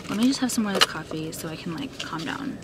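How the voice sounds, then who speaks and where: In a very noisy clip, a woman with a lowish voice talks fast with lively intonation. She holds her phone to film herself as a vlogger, venting to camera, upset, cursing often and full of "like."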